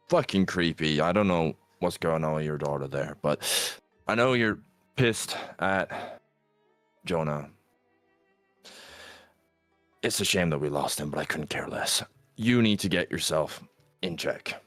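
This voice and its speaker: A man voicing a gruff village father who speaks coldly and bluntly. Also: deep voice, unhurried, fairly bright tone, no room sound, faint music behind. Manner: cold, blunt, swearing.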